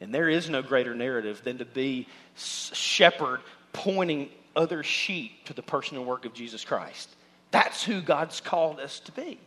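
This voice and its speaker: A man preaching a sermon as pastor, speaking in turn for imagined listeners and his own thoughts, and building to loud, shouted exhortation. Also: medium pitch, expressive, normal speed.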